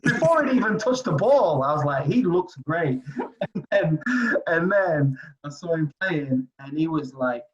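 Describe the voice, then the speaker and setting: A man in his forties from England, telling basketball stories in a casual interview, animated and rambling with many fillers. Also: a little high, a little slow. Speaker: streetball player guest. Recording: dull lo-fi audio.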